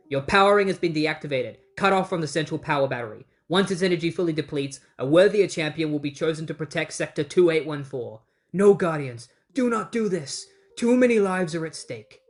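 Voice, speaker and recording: A host retelling a comic book story in a casual way, often slipping into quoted lines of dialogue. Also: mid-range voice. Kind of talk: casual recap narration.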